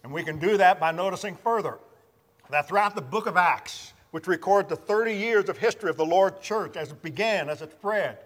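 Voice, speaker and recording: High-voiced preacher in a reverberant hall. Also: male voice, fairly bright tone. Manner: measured, emphatic scripture teaching. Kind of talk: sermon.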